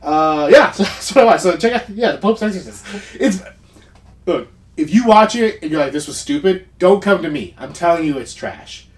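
A man co-hosts a relaxed podcast, talking in a rambling, self-interrupting way and laughing often. His voice sits a bit high and swoops widely up and down. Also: moderate pace. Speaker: podcast co-host. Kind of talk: casual chat.

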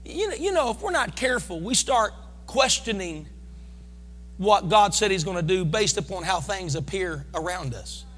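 A man preaching a fervent sermon, calling on his congregation to respond and breaking into shouts. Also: sits high, lively intonation, moderate pace, long reverb tail, faint music behind. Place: church sanctuary.

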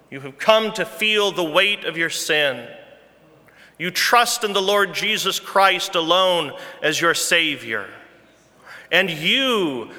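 A man's voice: on the high side, sharp tone. A man preaching a sermon as pastor, earnest and emphatic, repeating his key phrases. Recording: long reverb from a large hall.

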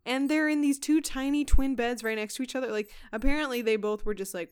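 Woman host, comic ghost-story teller, profane and animated, fairly high voice. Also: a little fast, hardly any pauses, clear, resonant tone. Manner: animated, swears a lot, laughs mid-sentence. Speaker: podcast host. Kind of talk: comedic storytelling chat.

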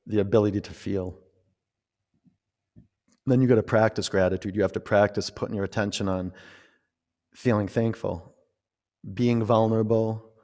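A young man leading a yoga class, giving calm cues and counting reps aloud. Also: lowish voice. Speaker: yoga instructor.

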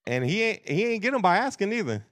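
A man's voice: sits high, big pitch swings, fast, a bit bright. A man preaching a sermon as pastor, telling family stories in a casual, conversational way with slang and some laughter. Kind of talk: sermon with storytelling.

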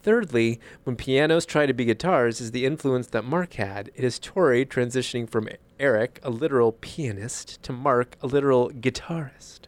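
A man co-hosting a casual podcast, reading a long listener email aloud with easy amusement. His voice sits at a middle pitch and sounds close and dry, with no room around it. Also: moderate pace, few pauses, dry recording. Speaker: podcast co-host.

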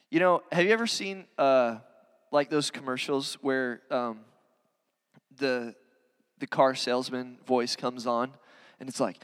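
A man with a strikingly high voice preaches a sermon in a conversational, earnest way, leaning on casual fillers as he talks. His voice rings out with a long reverb, as in a large church hall. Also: lively intonation, unhurried, fairly bright tone. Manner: conversational, earnest, many "you know" fillers. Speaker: pastor.

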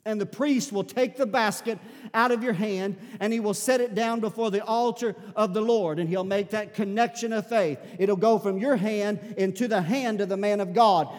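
Man, pastor, fervent sermon, rising to shouts, church sanctuary, high voice. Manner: preaching, building to shouted fervor. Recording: long hall reverb.

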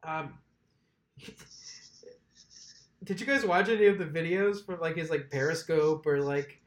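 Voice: mid-range voice, measured pace. A podcast host telling a story in casual chat, laughing often and mimicking the people described. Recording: roomy echo.

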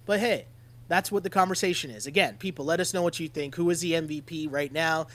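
A man's voice: on the high side, quick pace. A man co-hosting a casual sports podcast, talking animatedly and often checking in with his partner. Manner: animated, keeps checking in with "right?". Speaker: podcast co-host.

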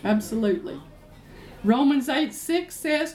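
A woman preacher, giving a sermon in an emphatic, animated storytelling way. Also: high voice, takes it slowly. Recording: roomy echo, faint ambience.

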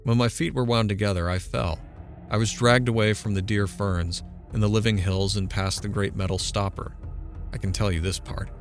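A man's voice: fairly low pitch, steady tone, moderate pace, soft background music, natural voice. A man reading an audiobook, voicing a haunted, defiant young man who recounts his ordeal with intense urgency. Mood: urgent.

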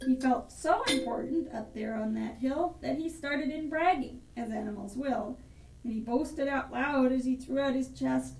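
A woman reading a rhyming storybook aloud in a sing-song, animated rhythm over improvised music. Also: high-pitched, normal speed. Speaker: reader. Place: house room. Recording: echoey room, mic far off, with instrument playing.

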